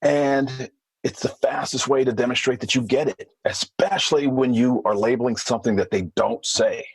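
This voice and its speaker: A man being interviewed as a former hostage negotiator, explaining in a measured way with thinking fillers. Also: medium pitch, steady tone, slightly rough, no room sound, low-quality recording. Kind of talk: podcast interview.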